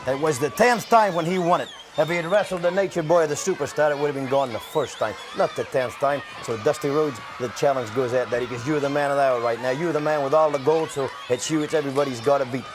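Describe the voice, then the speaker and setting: A man, a wrestler, cutting a loud, folksy, bragging promo and calling people brother and Daddy. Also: fairly high pitch, fast, few pauses, background noise.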